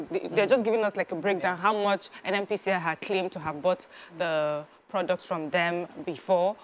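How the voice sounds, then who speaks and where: Female TV co-host, lowish voice, rambling explanatory style. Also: a little hiss or hum. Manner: explains at length with many fillers. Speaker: morning show co-host. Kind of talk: breakfast TV news chat.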